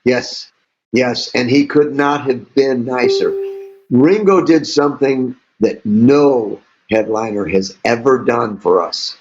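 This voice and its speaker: Animated older man telling stories. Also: mid-range voice, slow pace. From St. Louis, USA. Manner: animated, laughing storyteller. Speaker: musician guest. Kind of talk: storytelling interview. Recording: dull lo-fi audio.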